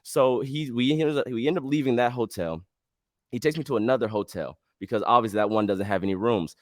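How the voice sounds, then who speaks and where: Animated man telling a story. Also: medium pitch, fairly quick, dry recording, studio quality. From United States. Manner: animated, casual slang, acts out dialogue. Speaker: podcast host. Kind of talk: storytelling podcast.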